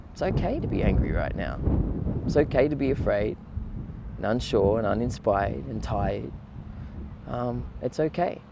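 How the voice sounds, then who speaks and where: A man giving a relaxed, conversational outdoor talk on gratitude, often checking in with his listeners. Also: mid-range voice, slight background noise. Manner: relaxed, conversational, frequent "right?" and "you know". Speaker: meditation teacher. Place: outdoors by the water on a windy morning.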